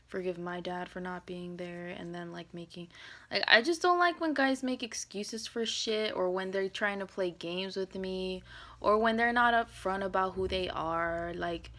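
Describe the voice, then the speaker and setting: Woman venting on camera, cussing a lot, rambly with lots of likes, middle pitch, loud then whispery. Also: moderate pace. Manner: blunt, profane, rambling with many fillers; swings between loud outbursts and hushed whispered asides. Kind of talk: emotional venting monologue.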